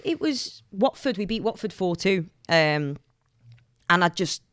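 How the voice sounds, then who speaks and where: A woman's voice: lowish voice, animated, unhurried, fairly bright tone, dry recording, clean studio sound. A woman co-hosting a podcast who talks in a chatty, nostalgic way with lots of fillers. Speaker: podcast co-host. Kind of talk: casual chat.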